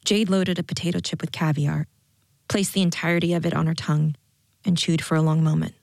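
A woman narrating a story in a calm, measured audiobook style. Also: low voice, vocal fry, dry recording, studio quality.

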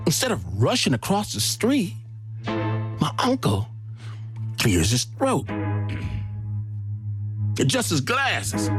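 A man hosting a storytelling show, telling a personal story in an animated way with shouted sound effects. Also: a little high, slow pace, pauses often. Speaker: host and storyteller. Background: music.

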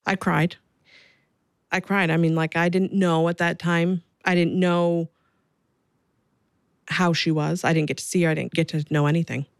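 A young woman and new mother recalling her birth in an interview, halting and repeating herself. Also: lowish voice, fairly even intonation, no echo, studio quality. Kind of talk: interview recollection.

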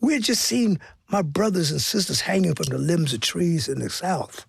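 An older man telling stories in an interview, expressive and repeating words, sometimes dropping to a hush for emphasis. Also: a little high, moderate pace, gravelly, slightly rough, no echo. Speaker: guest, stage performer. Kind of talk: interview storytelling.

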